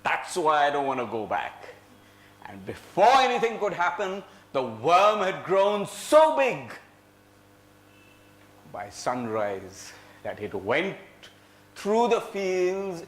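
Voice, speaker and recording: A man telling a folk tale to a live audience with dramatic flair, swinging between loud and soft and leading the listeners in acting it out. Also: high voice. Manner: dramatic, lively, shifts loud and soft, acts out lines; leads the audience in play. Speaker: storyteller. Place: indoor venue before a live audience. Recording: echoey room.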